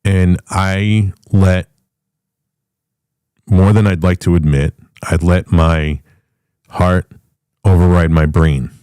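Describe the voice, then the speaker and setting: A middle-aged man with an extremely deep, dark voice, hosting a podcast. He rambles through a casual monologue, swearing freely and often restarting his sentences. The sound is close and dry. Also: fairly even intonation, slow pace, long pauses, smooth, dry recording. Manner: profane, rambling, with frequent restarts. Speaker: podcast host.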